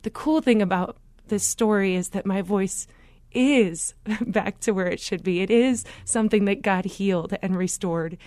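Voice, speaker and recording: A woman's voice: medium pitch, dry recording. Earnest woman telling a faith story. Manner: earnest, animated storytelling with quick asides. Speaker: guest. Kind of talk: faith interview conversation.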